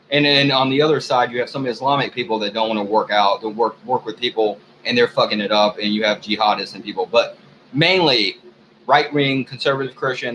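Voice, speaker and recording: An American man in an angry, unscripted rant, talking heatedly and profanely and often clearing his throat. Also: mid-range voice, a bit bright, a little hiss or hum, rough recording. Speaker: video blogger.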